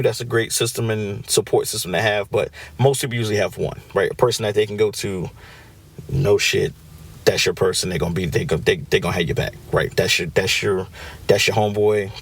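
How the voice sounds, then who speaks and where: A man's voice: on the low side, vocal fry. A man hosting a podcast, talking casually on his own, often checking in with "right?" and acting out what friends say. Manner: conversational, frequent "right?" check-ins, acts out quoted friends. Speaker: podcast host. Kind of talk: casual solo podcast talk.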